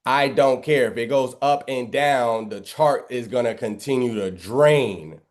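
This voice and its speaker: A man's voice: medium pitch, unhurried. A man teaching a live trading lesson in an emphatic, preachy way, firing off rhetorical questions and biblical references. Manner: emphatic, keeps asking "right?" and rhetorical questions. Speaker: trading instructor. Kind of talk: live trading lesson over screen share.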